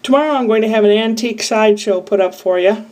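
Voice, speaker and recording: Rambling woman, mellow voice, off-mic. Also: a little high, fast talker. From Iowa. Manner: rambling, candid, full of asides. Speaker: vlogger. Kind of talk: casual diary-style monologue. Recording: voice a bit far from the mic.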